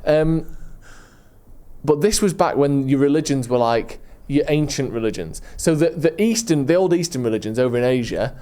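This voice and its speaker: A man's voice: mid-range voice, dark tone. A man co-hosting a comedy podcast, telling rambling, enthusiastic travel stories in casual chat. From England. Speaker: podcast co-host.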